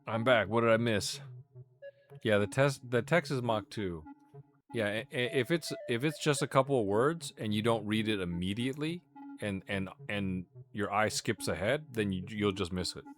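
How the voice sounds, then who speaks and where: Male streamer, quick stumbling commentary, low voice, loud game music. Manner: rapid, stumbling, apologetic asides. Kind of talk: live gameplay commentary.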